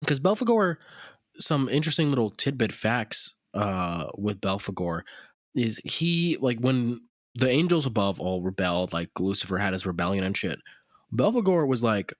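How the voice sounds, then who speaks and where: Lively, rambling male podcast host. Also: lowish voice, normal speed, no room sound, studio quality. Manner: rambling, profane, animated storytelling with many fillers. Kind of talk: casual podcast chat.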